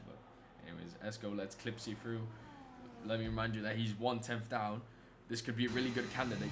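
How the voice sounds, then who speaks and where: A young man from Italy, an excitable race commentator on a live stream who swears freely and banters with chat. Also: lowish voice. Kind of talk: live sim racing commentary. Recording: noisy stream audio.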